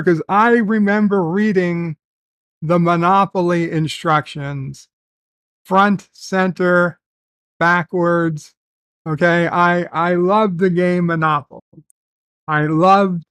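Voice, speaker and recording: A man hosting a casual livestream, reading viewer comments aloud and telling rambling stories with many filler pauses. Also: fairly high pitch, fairly bright tone, smooth, no room sound. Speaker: livestream host.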